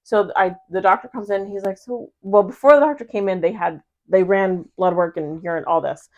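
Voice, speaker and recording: On a podcast she co-hosts, a woman in her thirties tells a personal story in casual conversation, speaking a little fast over dull audio. She's an animated storyteller who acts out the quotes with big jumps in pitch.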